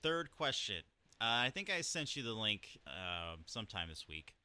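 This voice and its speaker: A man co-hosting a football podcast, giving laid-back, measured answers in casual chat. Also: fairly low pitch, big pitch swings, pushed and bright, dry recording. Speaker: podcast co-host on a call.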